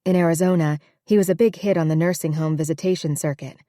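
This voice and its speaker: Woman audiobook narrator, low, steady, dry close recording. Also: fast, no room sound. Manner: steady, even reading. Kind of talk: scripted narration.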